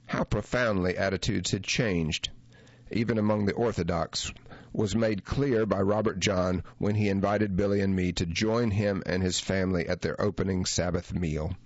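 A man with a very low voice reads a memoir as an audiobook, measured and reflective in his delivery. The recording is close and dry, with a slightly dull, muffled tone to it. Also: steady tone, no room sound. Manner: measured, reflective first-person reading. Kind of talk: audiobook narration of a memoir essay.

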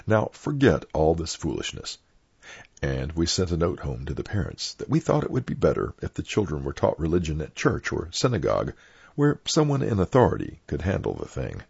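A deep, gravelly older man tells frank, opinionated stories from his parish days, his pitch swinging widely as he goes. His voice is husky. It sits on a dull, lo-fi oral history recording. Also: wildly swooping pitch, fairly quick, darkish tone. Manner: blunt, opinionated storyteller.

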